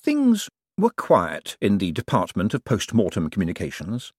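A man reading an audiobook aloud in scripted narration, lively and expressive. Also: lowish voice, normal speed, breathy edge, no room sound, studio quality.

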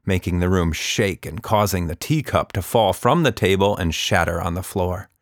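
A man narrating a children's story in a calm, expressive way. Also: deep voice, dry recording, studio quality.

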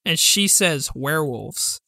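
A man co-hosting a podcast, chiming in on a movie discussion with quick, wry interjections. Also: fairly high pitch, expressive, creaky, sharp tone, no room sound, clean studio sound. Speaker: podcast co-host. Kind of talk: casual movie review chat.

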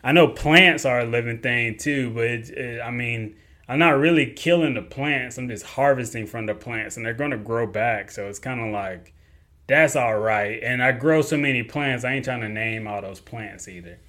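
A man talks loosely into his podcast mic, joking and stifling chuckles as he goes. His voice sits at an ordinary middle pitch. The delivery is relaxed and conversational, the sound of a host chatting on his own show. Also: moderate pace. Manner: laid-back, joking, chuckles through lines. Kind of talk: casual solo podcast talk.

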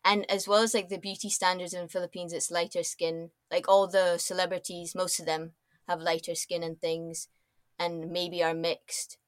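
A woman's voice: on the low side, level tone, moderate pace, dry recording. Young scottish woman rambling on a podcast, dead dry close sound. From Scotland. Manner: chatty, rambling with many fillers and restarts. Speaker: podcast guest. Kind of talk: casual chat.

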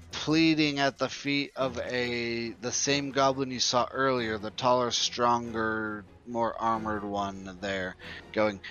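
A man narrates a tabletop adventure as dungeon master, slowly and calmly. His voice sits in a middle range. The recording is muffled and lo-fi, with faint music behind it. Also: medium pitch, clear, resonant tone. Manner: relaxed, unhurried storytelling with offhand rulings.

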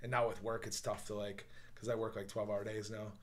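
A man's voice: on the low side, little pitch movement, a little fast. A man in his forties chatting on a podcast in a laid-back way, with lots of fillers and swearing. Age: 40s. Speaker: podcast co-host. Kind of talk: casual chat.

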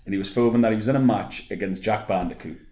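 A man's voice: fairly low pitch, fast talker, darkish tone, echoey room. Sweary laid-back man. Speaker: podcast co-host. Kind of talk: casual chat about wrestling.

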